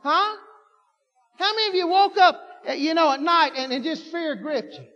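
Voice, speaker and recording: A man preaching a sermon, folksy and fervent, repeating himself and building to shouts. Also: extremely high pitch, lively intonation, normal speed. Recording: dull lo-fi recording with long hall reverb.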